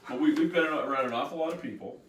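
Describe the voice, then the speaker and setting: A man's voice: on the high side, fast talker, a bit bright, a little hiss or hum. A man hosting a podcast in casual chat, earnest and emphatic as he affirms his guest. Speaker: podcast host. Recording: roomy, distant mic.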